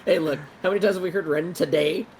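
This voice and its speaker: A man's voice: fairly high pitch, steady tone, fast, a little mellow, shouting, slight background noise, poor audio. A man running a tabletop game as game master, bantering casually and laughing often.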